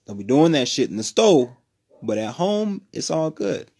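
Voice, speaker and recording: A man from New Mexico hosting a casual livestream from home, talking in a profane, rambling, animated way. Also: a little high, normal speed, creaky, slightly rough. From New Mexico, USA. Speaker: livestream host.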